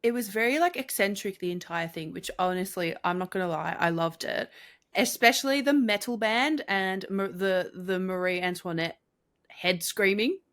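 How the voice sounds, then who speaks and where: A woman's voice: medium pitch, normal speed, a bit bright. Chatty young woman, laughing. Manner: chatty, laughs often, enthusiastic. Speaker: podcast co-host. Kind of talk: casual chat.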